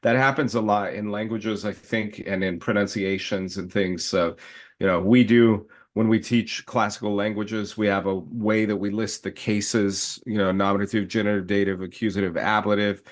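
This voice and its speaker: A man with a fairly low voice talks through his ideas in an easygoing panel chat. He circles back and restarts his sentences, laughing now and then. The delivery is loose and conversational, like a teacher chatting with colleagues. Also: steady tone, moderate pace. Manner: thinks aloud with frequent restarts and laughs. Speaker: teacher and podcast co-host.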